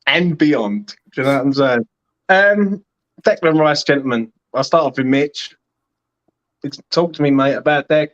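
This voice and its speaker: A man's voice: medium pitch, measured pace, lo-fi sound. A man hosting a casual chat show, chirpy and full of banter. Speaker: host.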